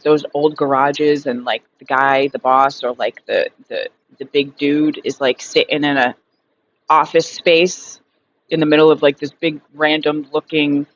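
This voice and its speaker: A woman's voice: low-pitched, highs cut off. A woman in her thirties telling a story in a casual vlog monologue, frank and rambling, swearing freely and filling her sentences with fillers. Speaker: recovery vlogger.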